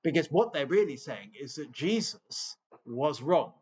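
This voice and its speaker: A man's voice: fairly high pitch, animated, measured pace, a little mellow, slightly rough, highs cut off. A man from England giving an informal lecture on scripture, chatty and digressive with wry asides.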